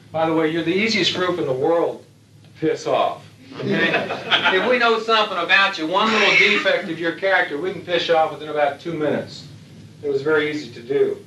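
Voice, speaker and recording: A man's voice: sits high, bright, forceful tone, a little hiss or hum. A man giving a lecture to military aviators in a blunt, folksy way with salty humor. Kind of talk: lecture to an audience. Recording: echoey hall, distant mic.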